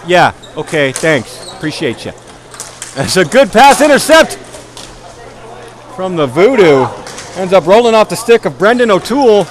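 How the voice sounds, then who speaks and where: A man calling a ball hockey game play by play, tired after hours of talking, joking at his own expense and getting louder on goals. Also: high-pitched, normal speed, long pauses. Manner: joking, self-mocking, rising excitement on goals. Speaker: play-by-play commentator.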